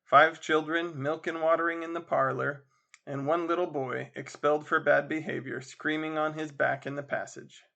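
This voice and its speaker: Male audiobook-style reader, expressive, bright tone with gravel. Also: on the high side, normal speed, dull audio. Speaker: podcast host and reader. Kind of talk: reading a classic story aloud.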